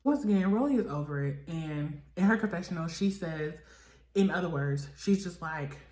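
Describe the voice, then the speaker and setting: Animated woman recapping reality TV. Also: moderate pace, roomy sound. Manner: animated, acts out quotes with lively pitch jumps. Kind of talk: casual recap chat.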